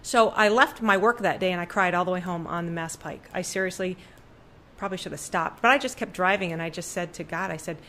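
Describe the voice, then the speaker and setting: In a room hung with her own paintings, a middle-aged artist appears as a podcast guest, telling a story conversationally and voicing the people she quotes with sudden pitch jumps. She talks fairly quickly in a bright, forceful tone, with a little hiss or hum on the recording.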